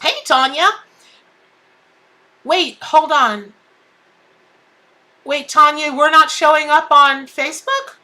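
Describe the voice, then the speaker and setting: Chatty lady doing a live tarot stream, high bright voice, greets people by name. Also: animated, slow, pauses often. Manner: bubbly, chatty, reads out viewers' comments. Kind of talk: casual live-stream chat.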